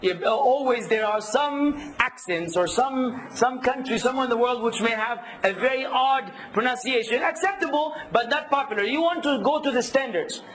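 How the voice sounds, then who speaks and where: A man teaching a workshop, lively, quizzing his audience and acting out hecklers. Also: very high voice, low-quality recording. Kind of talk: workshop lecture.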